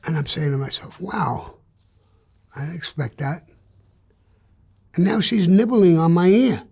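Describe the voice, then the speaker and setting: A New man with a husky, breathy edge tells a crude joke story during an interview. He curses freely and swings from hushed asides to loud, animated bursts. His voice sits slightly high for a man. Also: measured pace. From New York. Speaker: interview guest.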